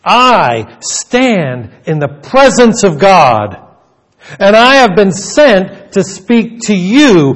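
A man's voice: high-pitched, pitched above the performer's own voice, exaggerated voice. A man reading the words of a solemn male angel messenger in a firm, proclaiming voice.

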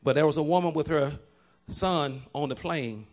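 A male pastor preaching a lively sermon, moving from quiet talk to loud shouts and laughing with his congregation. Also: normal speed. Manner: animated, swings from low and quiet to shouting.

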